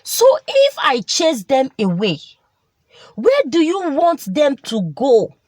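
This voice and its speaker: A woman voicing a patient young husband, dropping her voice lower to speak calmly and plead. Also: slow pace, no room sound, heavily acted. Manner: calm, pleading, consoling.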